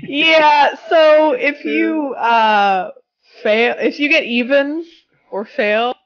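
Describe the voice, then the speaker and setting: A woman's voice: high voice, drawn-out words, muffled recording. A woman running a tabletop game as game master, narrating scenes vividly.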